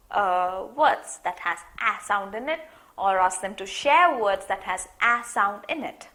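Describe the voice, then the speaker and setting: A young woman teaching a phonics course, telling a story slowly and acting out the letter sounds. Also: medium pitch. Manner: slow, lively storytelling with sound demonstrations.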